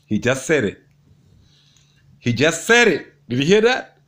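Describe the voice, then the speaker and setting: A man's voice: on the high side, sing-song, unhurried, fairly bright tone. A man commenting on a debate, gloating and mocking his opponent with much repetition. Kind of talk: commentary over debate clips.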